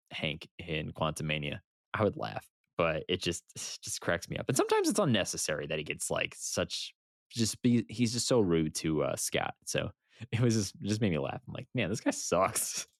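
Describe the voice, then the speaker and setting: A man co-hosting a podcast in casual chat, animated and laughing as he recaps scenes. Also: low voice, dry recording, studio quality. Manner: animated, laughs and uses fillers while recapping. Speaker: podcast co-host.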